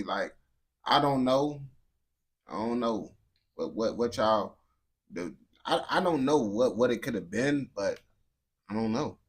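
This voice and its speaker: A man's voice: mid-range voice, expressive, a little slow, pauses often, fairly bright tone. Rambling young streamer guy. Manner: loose, rambling, talks to chat, says bro a lot. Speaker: streamer reacting to a video. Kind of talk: casual live reaction chat.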